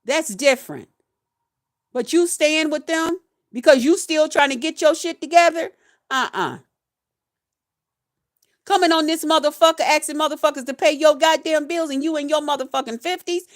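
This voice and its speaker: Blunt profane woman in her fifties, high voice. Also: steady tone, fairly quick. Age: 50s. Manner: blunt, profane, chanting repeated phrases. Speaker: retired nurse, YouTuber. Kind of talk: profane ranting vlog.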